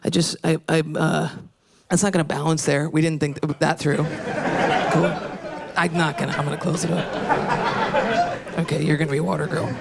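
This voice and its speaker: A woman stand-up comedian on a club stage, telling brash, crude stories with an animated delivery and frequent laughs. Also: deep voice, normal speed, vocal fry, long pauses. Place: comedy club stage before a live audience. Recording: live show recording with crowd and noise.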